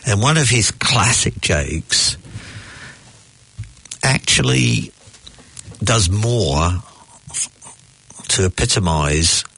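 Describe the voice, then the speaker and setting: A man in a casual debate about comedy, talking slowly and deliberately, telling jokes with voiced characters. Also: fairly low pitch, animated, pushed and bright, slightly rough.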